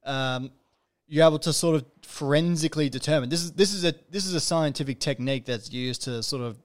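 A man's voice: medium pitch, smooth. A man hosting a podcast interview, talking in a loose, rambling way with many restarts and playful asides. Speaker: podcast host. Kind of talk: casual interview chat.

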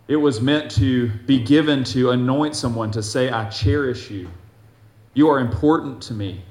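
Male preacher, mid-pitched, earnest sermon delivery, swings between bold scripture reading and quiet asides, roomy echo. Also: measured pace, pauses often.

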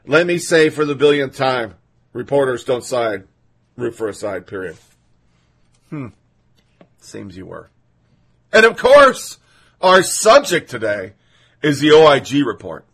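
Indignant, husky-voiced male podcast host. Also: medium pitch, very animated, a little slow, long pauses, fairly bright tone. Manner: sarcastic, indignant, reads quotes aloud. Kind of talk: political commentary podcast.

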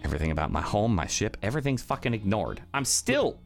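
A man playing a tabletop role-playing game in character, exasperated and ranting, swinging between low grumbles and loud outbursts. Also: big pitch swings, fast, gravelly, soft background music. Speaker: tabletop player.

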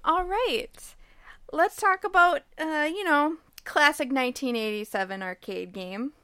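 Higher-voiced woman co-hosting a podcast. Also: measured pace, pushed and bright, no echo, clean studio sound. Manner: laughs often, brief reactions. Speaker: podcast co-host. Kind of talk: casual chat.

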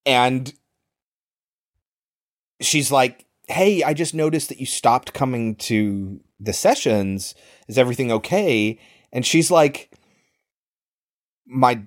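A man's voice: medium pitch, unhurried. A man co-hosting a podcast, casually recapping a movie and acting out the characters' lines. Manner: animated retelling, swears, acts out quoted lines. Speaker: podcast co-host.

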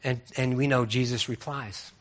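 A man preaches a sermon conversationally, posing lots of rhetorical questions and frequently restarting his words. His mid-range voice moves at a normal speed with fairly even intonation.

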